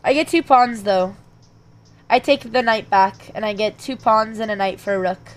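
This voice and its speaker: A woman's voice: mid-range voice, moderate pace. A young woman streaming chess, thinking her moves aloud and breaking off to chat with her viewers. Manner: muttering calculations, then bursts of animated chat with viewers. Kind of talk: thinking aloud while playing chess online.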